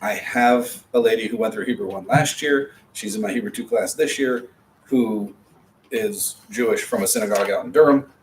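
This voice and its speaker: Low-voiced man teaching a class. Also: moderate pace. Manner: patient, explanatory, chatty asides. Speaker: Hebrew teacher. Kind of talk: classroom lecture. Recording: distant mic with faint background noise.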